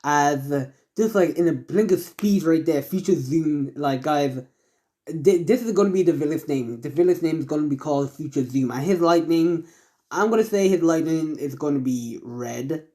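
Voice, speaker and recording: A man narrating a homemade fan story off the cuff, rambling along with constant fillers and stops to correct himself. His voice is mellow and dark. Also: on the high side, moderate pace. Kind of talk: improvised fan-fiction narration.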